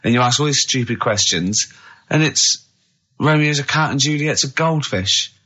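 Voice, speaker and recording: A man hosting a comedy radio show, teasing his co-hosts and laughing loudly. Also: mid-range voice, expressive, moderate pace, husky. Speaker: radio host. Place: radio studio. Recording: dull lo-fi radio broadcast.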